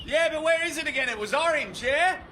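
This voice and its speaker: A man's voice: extremely high pitch, brisk, heavy background noise. A man voicing a cheeky male dog who chatters as a cocky Australian bloke in a comic voiceover. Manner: cocky, jokey, chatty running commentary.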